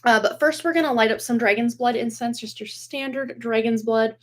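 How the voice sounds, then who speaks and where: Chatty woman in her forties, a bit hoarse. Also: fairly high pitch, brisk. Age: 40s. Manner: chatty, rambling, laughs often, many fillers. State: slightly hoarse from a cold and raw throat. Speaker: tarot reader and livestream host. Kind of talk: casual livestream chat. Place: home room with dog toys and boxes behind. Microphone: computer webcam.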